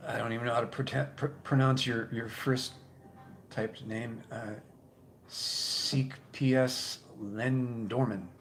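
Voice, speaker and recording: A man hosting a casual live stream, reading viewer comments and chatting in a rambling, halting way, repeating his words. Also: medium pitch, steady tone, a little hiss or hum. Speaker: YouTube channel host.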